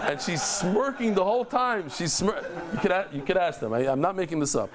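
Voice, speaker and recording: A middle-aged man teaching a daily Talmud class, animated, telling stories with lively joking asides. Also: sits high, brisk, hardly any pauses, very noisy.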